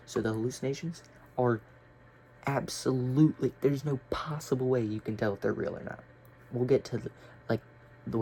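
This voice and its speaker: A man's voice: medium pitch, a little mellow. Rambling, profane young man with faint hiss. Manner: rambling, profane, filler-heavy. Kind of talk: casual storytelling vlog.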